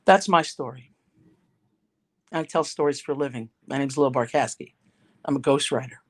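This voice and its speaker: Animated middle-aged woman storyteller. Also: rumbling low, normal speed, slightly rough. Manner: animated, conversational storyteller with restarts. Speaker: guest, ghostwriter and speaker. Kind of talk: told anecdote and podcast chat.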